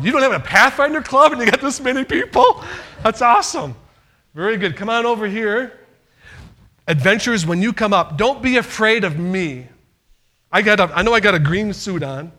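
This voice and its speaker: Man, church youth leader, upbeat, encouraging, folksy, bright tone. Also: high voice. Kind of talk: leading a church award ceremony.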